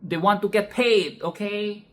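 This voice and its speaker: A woman's voice: mid-range voice, unhurried. A woman casually discussing a film she loves, emphatic and profane, repeating her points with "okay?". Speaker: film reviewer.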